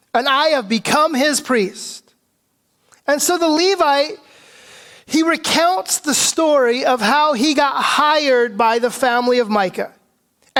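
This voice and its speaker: Male pastor, higher voice than most men, preaching in a relaxed, conversational way. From Pacific Northwest. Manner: conversational, asks "right?" often, clears throat. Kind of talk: expository sermon. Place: church sanctuary.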